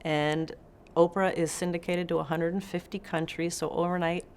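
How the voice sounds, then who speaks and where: A woman's voice: lowish voice, moderate pace, slight background noise. A middle-aged woman telling stories as an interview guest, acting out the quotes with energy. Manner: animated anecdote-telling, acts out quotes. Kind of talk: interview storytelling.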